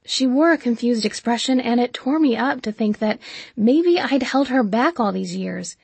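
A woman reading a first-person story as an audiobook narrator, emotional and intimate, slowing down for dialogue. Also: fairly high pitch, animated, vocal fry, darkish tone, slightly rough, dry recording.

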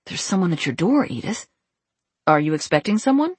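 A woman reading the part of a kind, concerned man who speaks gently and earnestly. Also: lowish voice, big pitch swings, a little fast, slightly rough, dry recording.

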